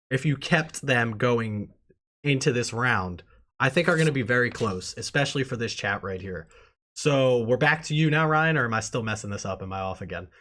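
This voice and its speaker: A man's voice: mid-range voice, fairly bright tone. A man in a middle register hosts a live show in a chatty, easygoing way. A faint noise runs behind his voice. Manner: chatty, moves segments along. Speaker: host. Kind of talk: casual live show hosting.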